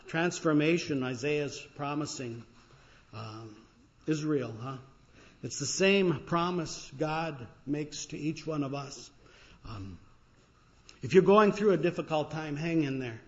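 A man preaching a sermon as a pastor, telling stories in an unhurried, reflective way with pauses and fillers. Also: on the high side, lively intonation. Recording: dull lo-fi recording.

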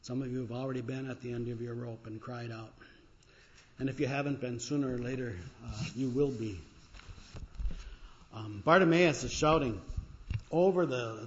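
A man preaching a sermon with dramatic swings, loud when he cries out and quiet when he reflects. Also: fairly high pitch. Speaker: pastor. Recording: dull, lo-fi recording.

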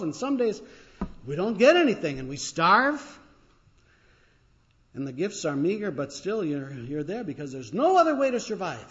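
A man preaching a sermon with dramatic swings, loud when he cries out and quiet when he reflects. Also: sits high. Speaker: pastor. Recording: dull, lo-fi recording.

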